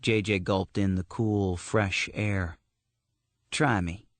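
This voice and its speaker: A man narrating a horror story audiobook in a steady, measured storytelling manner. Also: sits low, no echo.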